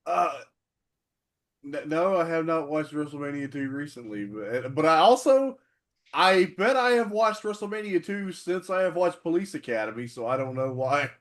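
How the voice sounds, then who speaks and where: A man co-hosting a casual podcast, cracking jokes and often laughing at his own ideas. He tends to stammer as he starts a sentence. His voice sits a little high for a man. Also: lively intonation, moderate pace, fairly bright tone. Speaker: podcast co-host. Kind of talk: casual chat about classic wrestling.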